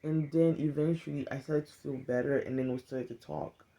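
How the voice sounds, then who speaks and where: A woman's voice: low-pitched, steady tone, moderate pace, mellow. A woman speaking to camera in a casual, earnest, heartfelt monologue. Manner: earnest, conversational, emphatic. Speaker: vlogger.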